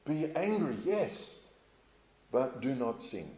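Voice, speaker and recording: Man preaching, middle-aged, earnest, measured with hesitations, echoey hall. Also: medium pitch, big pitch swings, darkish tone. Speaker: pastor. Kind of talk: sermon. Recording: echoey, slightly dull room sound.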